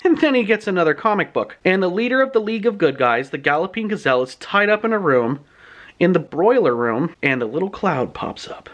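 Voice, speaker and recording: A man retelling a book's plot in his own words, in a chatty, animated storytelling manner. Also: high-pitched, moderate pace. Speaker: book reviewer.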